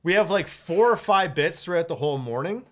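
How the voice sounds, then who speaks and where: A man who hosts a morning radio show tells a story in loose, casual chat. His voice sits a little high, and he gets animated, laughing often and acting out both sides of an argument. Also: a little fast. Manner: animated, laughs often, acts out quoted lines.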